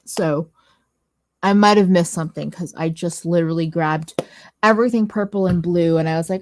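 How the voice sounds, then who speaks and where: A woman's voice: fairly low pitch, normal speed, no room sound. A woman chatting casually on a makeup livestream, rambling and correcting herself as she goes. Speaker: co-host of a beauty livestream. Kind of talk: casual chat about makeup.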